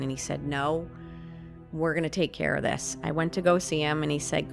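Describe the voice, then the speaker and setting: A woman, a podcast guest, telling a personal story in an animated way and acting out the lines she quotes. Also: sits low, moderate pace, creaky, over music. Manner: animated, acts out quoted dialogue.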